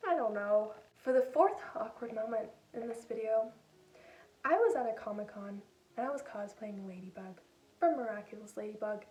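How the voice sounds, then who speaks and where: A woman's voice: on the high side, animated, moderate pace, darkish tone, reverberant. A young woman vlogger telling her own stories in a chatty, self-deprecating way, acting out what she said. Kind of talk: casual storytelling. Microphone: old phone. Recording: distant phone mic.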